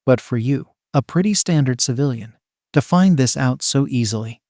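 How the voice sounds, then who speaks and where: A man reading the lines of a calm, gentle male villain mentor with a scarred face, speaking softly and steadily. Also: medium pitch, normal speed, no echo, studio quality, lightly acted. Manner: soft and steady.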